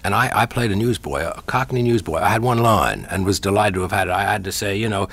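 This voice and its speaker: Gravelly, deep-voiced older man. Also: fast talker, fairly bright tone. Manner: fond, rambling, with restarts. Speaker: veteran radio actor, guest. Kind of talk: reminiscing interview.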